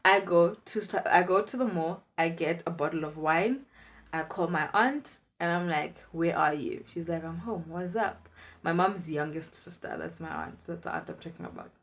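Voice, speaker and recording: A woman in her twenties chatting through an animated storytime vlog. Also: on the low side, normal speed. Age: 20s. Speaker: vlogger.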